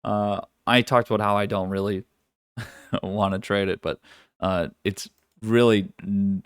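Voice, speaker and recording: This market analysis comes from a man on a live trading stream, his fairly low voice dry, close, clear and resonant, with fairly even intonation and a measured pace. Loose and casual, he swears occasionally and keeps restarting sentences while thinking aloud, and there's no echo.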